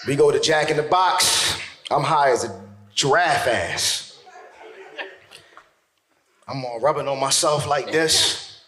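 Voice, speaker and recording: A male stand-up comedian telling a profane story, animated and shouting his punchlines on stage. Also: on the high side, takes it slowly, pauses often, echoey room.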